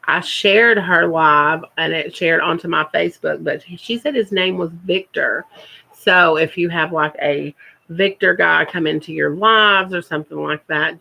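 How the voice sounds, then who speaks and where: A woman's voice: low voice, fairly even intonation, unhurried, vocal fry, sharp tone, rough recording. A woman, chatting casually on her first live stream and repeating words for emphasis.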